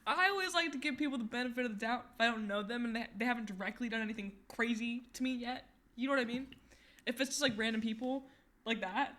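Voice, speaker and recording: A woman's voice: fairly high pitch, fast, fairly bright tone. A young adult woman co-hosting a podcast, chatting in an easygoing, friendly way. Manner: easygoing, chatty, laughs along. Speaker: podcast co-host. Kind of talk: casual chat.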